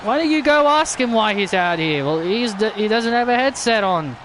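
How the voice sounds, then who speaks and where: A man calling a video game wrestling match as excited play-by-play commentary, often shouting and stumbling over his words. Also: sits high, normal speed, noisy background. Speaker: wrestling commentator and channel host.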